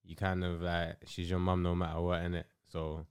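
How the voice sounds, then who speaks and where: A young man, chatting calmly and agreeably as a podcast co-host. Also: low-pitched, moderate pace, clean tone, dry recording, clean studio sound. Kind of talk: casual chat.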